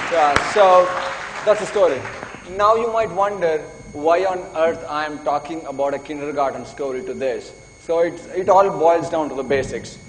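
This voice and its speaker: A man giving a live conference talk, eager and urging the audience, calling for applause. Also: fairly high pitch. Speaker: conference speaker. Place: conference hall. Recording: reverberant conference hall, faint noise.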